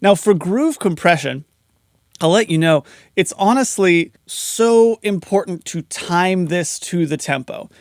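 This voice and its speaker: An animated, high-voiced audio mixing instructor speaks at a measured pace, teaching compression in a casual screen-recorded tutorial and walking through each setting. The studio-quality audio has no echo.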